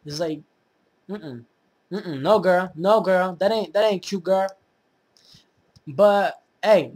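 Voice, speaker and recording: Profane young vlogger ranting. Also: mid-range voice. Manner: profane, blunt, rambling with many fillers. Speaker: YouTube vlogger. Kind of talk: casual ranting monologue.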